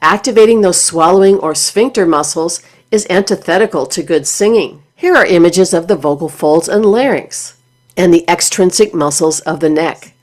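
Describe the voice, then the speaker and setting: A woman voice teacher narrates a singing lesson from a script. Her voice sits slightly low, and she explains each point in a clear, measured, careful way. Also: a little mellow.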